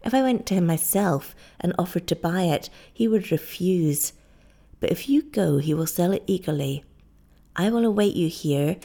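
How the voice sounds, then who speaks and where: A woman's voice: on the low side, expressive, moderate pace, creaky, mellow. A woman voicing a desperate young wife in an audiobook reading, pleading with breathless urgency. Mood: urgent.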